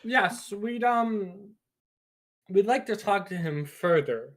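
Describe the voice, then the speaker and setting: A player speaking in character in a tabletop game, polite and hesitant with frequent pauses. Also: mid-range voice, expressive. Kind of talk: tabletop game role-play.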